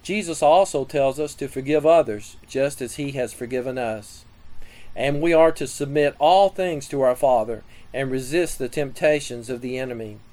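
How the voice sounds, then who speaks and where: A man giving a scripted sermon teaching on prayer, reading scripture and listing numbered points in a measured way. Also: mid-range voice, darkish tone, poor audio. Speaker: preacher.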